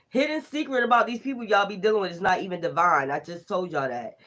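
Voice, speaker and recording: An animated tarot reader talking through a spiritual reading in a loose, casual way. The delivery is full of profane slang and frequent bursts of laughter. The energy stays lively and unfiltered. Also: medium pitch, fast talker, few pauses.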